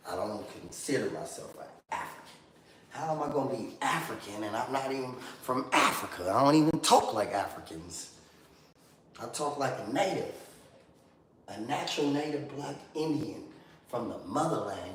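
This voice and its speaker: A man's voice: mid-range voice, lively intonation, moderate pace, a bit bright. A man from Oakland, California, hosting a livestream with rambling, slangy talk aimed straight at his viewers. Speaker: livestream host. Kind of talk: casual livestream rant. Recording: echoey room with faint ambient noise.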